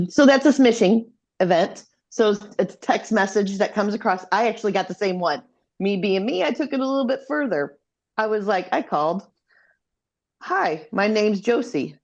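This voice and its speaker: A woman guest who is a fraud expert, telling her story in a lively, playful way on an interview podcast. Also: medium pitch, moderate pace. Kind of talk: conversational interview. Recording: slightly dull, muffled audio.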